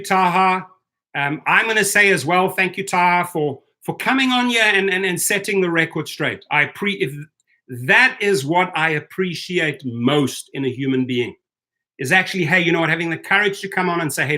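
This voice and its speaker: A man's voice: a little high, pushed and bright. A man hosting a rideshare channel, ranting heatedly on a livestream, with stammered restarts. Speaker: host of a rideshare driver channel. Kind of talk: livestream commentary reading chat.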